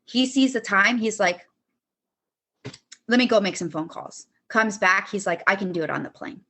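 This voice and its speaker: A woman's voice: medium pitch, animated, moderate pace, fairly bright tone, slightly rough. A young woman guest on a podcast, bluntly telling a personal story, swearing often and acting out past arguments in quotes.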